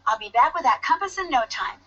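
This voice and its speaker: A woman's voice: high voice, animated, fast, pushed and bright. A woman voicing a persistent young female detective in a video game, eager and insistent, in dull lo-fi audio. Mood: determined.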